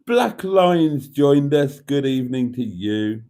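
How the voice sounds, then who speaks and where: A man hosts a relaxed livestream in an unhurried, sing-song voice that rises and falls a lot. His tone is mellow and dark, and he chats playfully, reading out comments and echoing words back. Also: medium pitch. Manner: chatty and playful, echoes items back. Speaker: livestream host. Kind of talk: casual chat reading out viewer comments.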